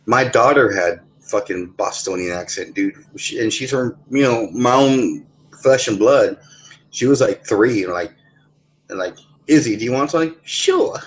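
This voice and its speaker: Low-voiced man rambling through stories. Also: unhurried, low-quality recording. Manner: rambling, swearing storyteller. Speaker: voice chat participant. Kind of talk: casual chat. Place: online voice chat lobby.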